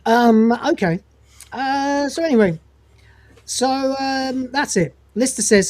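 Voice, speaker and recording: A woman co-hosting a fan podcast, casually retelling scenes and quoting characters' lines with lively mimicry and frequent laughter. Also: fairly high pitch, slow pace, pauses often, no room sound. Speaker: podcast co-host reviewing episodes.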